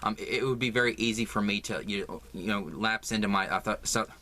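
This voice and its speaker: A man from the American South with a Southern accent, chatting in a halting way about a yarn haul, full of fillers and restarts. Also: fairly low pitch, pushed and bright. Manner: halting, lots of fillers and repeats. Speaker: crafting vlogger. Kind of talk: casual yarn haul chat.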